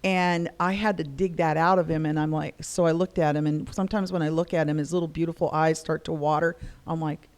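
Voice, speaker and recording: Middle-aged woman, casual storytelling, animated delivery, acts out quoted voices. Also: deep voice, a little fast, few pauses. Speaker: guest discussing spirituality.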